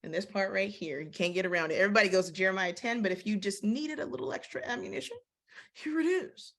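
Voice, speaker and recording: A woman teaching a casual Bible study, lively and slangy, acting out the verses she quotes. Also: mid-range voice, rapid-fire.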